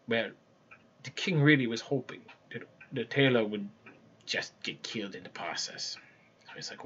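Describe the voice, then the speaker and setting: Man, casual fairy tale retelling, conversational, bright tone, muffled lo-fi recording. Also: medium pitch, lively intonation, moderate pace, husky. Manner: loose, conversational storytelling with restarts. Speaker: storyteller. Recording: dull lo-fi recording.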